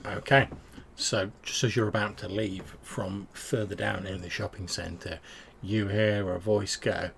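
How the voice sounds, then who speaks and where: A man's voice: on the low side, steady tone, a little slow, creaky, a bit bright, slightly rough. A man narrating a tabletop game as game master, rambling with many fillers.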